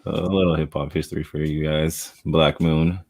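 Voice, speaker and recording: With an extremely low voice at a moderate pace, a man hosting a podcast chats casually. He tells stories in an animated way, performs quotes and frequently breaks into laughter.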